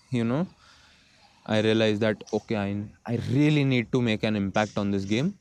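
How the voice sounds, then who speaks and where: With a lowish, clear, resonant voice, a young Indian-accented man tells relaxed stories as a guest in a laid-back podcast chat. He is a football goalkeeper and slips Hindi phrases into his English.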